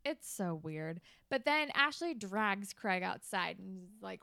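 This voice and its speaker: A woman's voice: medium pitch, animated, a little slow, vocal fry, bright, forceful tone, clear, resonant tone, no room sound, studio quality. A woman co-hosting a podcast, recapping episode plot and laughing along. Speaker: podcast co-host. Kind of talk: casual podcast chat.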